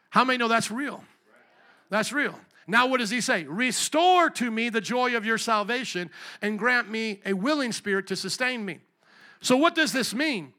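A man preaching a sermon in a conversational style, swinging between quiet, frank talk and loud shouting. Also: very high-pitched, lively intonation, normal speed. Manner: self-deprecating asides and restarts. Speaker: pastor.

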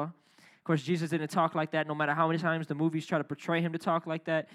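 A young adult man preaching a sermon, energetic and playful, calling out to the congregation. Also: a little high, quick pace. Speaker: pastor.

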